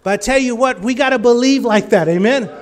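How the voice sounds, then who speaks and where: A male preacher giving a sermon, telling healing stories and rising to loud, fervent exclamations. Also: very high-pitched, a little fast.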